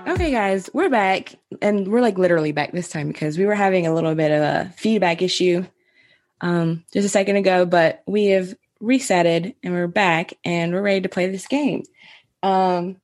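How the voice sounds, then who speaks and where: A woman in her thirties chatting on a casual podcast with a lower pitch than most women. She rambles, leaning on "like" and laughing often as she talks. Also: normal speed, a little mellow. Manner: rambling, heavy "like" filler, frequent laughter. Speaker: podcast co-host. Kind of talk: casual chat.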